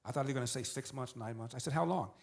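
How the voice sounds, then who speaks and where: A man's voice: medium pitch, racing. An older man tells a family story as a guest in an interview, slipping into the voices of the people he quotes. He builds his points by repeating phrases and stacking them one after another. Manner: animated storyteller who acts out dialogue and repeats for emphasis. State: tearing up.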